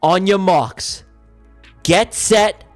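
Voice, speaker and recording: A man hosting a livestream giveaway, calling a mock race in a joking, excitable way that bursts into shouts. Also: sits high, very slow, soft background music. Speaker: livestream host running a giveaway. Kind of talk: mock race-caller commentary.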